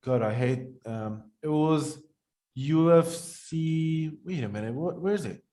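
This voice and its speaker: Male podcast co-host, high-pitched, rambling casual chat. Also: a little slow. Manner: rambling, animated, talks while eating.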